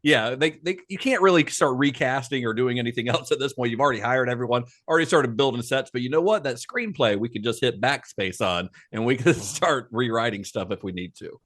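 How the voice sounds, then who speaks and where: A man's voice: medium pitch, a little fast, hardly any pauses. Male podcast host, casual storyteller, conversational delivery. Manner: relaxed storytelling with frequent laughs and fillers. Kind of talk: casual film podcast narration.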